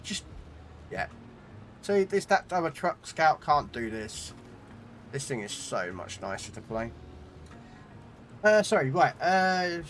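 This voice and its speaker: A man's voice: medium pitch, lively intonation, slow, pauses often, fairly bright tone, slight background noise. Chatty man streaming a game. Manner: chatty, swears at the game, talks to chat. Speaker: gaming streamer. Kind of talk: live game stream commentary. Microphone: desk condenser mic.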